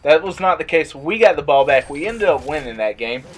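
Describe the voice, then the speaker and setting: A young man vlogging, telling a casual story and acting out the quotes in a higher voice. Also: a little fast. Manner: animated, acts out quotes in a higher voice.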